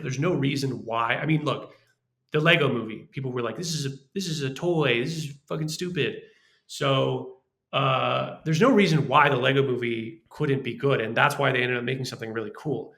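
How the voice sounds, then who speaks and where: A man, a screenwriter guest on a podcast, telling animated stories about his work in a casual way. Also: mid-range voice, normal speed, gravelly. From Los Angeles. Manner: animated, restarts and acts out quoted voices.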